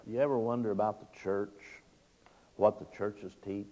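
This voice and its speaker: A man's voice: on the low side, fairly even intonation, unhurried, dark tone. A man preaching a sermon, explaining scripture with folksy stories and emphatic rises in his voice. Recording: long reverb of a large hall.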